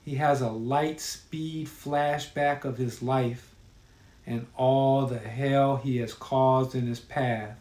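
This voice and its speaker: Man, horror story reading, slow and measured, grim, echoey room. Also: medium pitch, steady tone, a little mellow. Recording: roomy echo.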